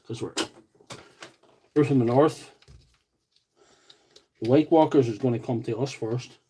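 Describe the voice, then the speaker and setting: This man has a medium-pitched, dark-toned voice and a Northern Irish accent from County Tyrone. While doing repairs on a tool livestream, he chats, jokes, wanders into asides, and answers what viewers write. Expect slight background noise and a low-quality recording.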